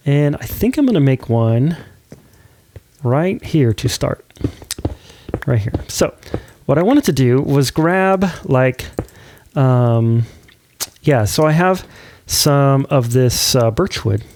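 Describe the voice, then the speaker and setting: A man's voice: mid-range voice, dark tone. A man hosting a let's play, chatting casually and giggling while he builds. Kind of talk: casual gameplay commentary.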